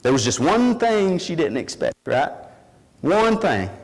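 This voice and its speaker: A man preaching in a church, his voice rising high and swinging widely in pitch as he tells the story with emphasis. The words hang in a long hall reverb. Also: very animated, unhurried. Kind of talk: sermon.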